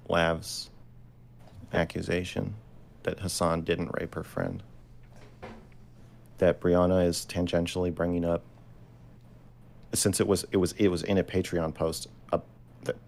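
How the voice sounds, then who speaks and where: A man's voice: sits low, vocal fry, darkish tone. A man in an online debate who presses hard with repeated questions and sometimes raises his voice.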